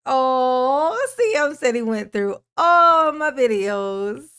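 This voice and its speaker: A woman's voice: high-pitched, animated, takes it slowly, sharp tone, smooth. A woman hosting a casual livestream, greeting her viewers one by one with pet names, calling herself Mama, and laughing often. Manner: calls herself Mama in the third person. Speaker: livestream host. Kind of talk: casual live-stream chat greeting viewers.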